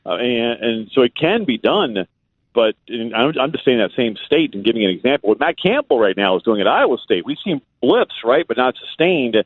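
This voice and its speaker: A man with a Louisiana accent guest-hosts a casual radio chat, drawling in a folksy, rambling way packed with "uh"s. His medium-pitched voice has a sing-song lilt at a moderate pace, coming through a phone-like call-in line with no echo.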